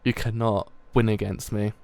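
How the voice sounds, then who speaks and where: A man voicing a menacing, taunting older male army colonel while reading a comic aloud, in a low, soft, gloating tone. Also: little pitch movement, moderate pace, creaky.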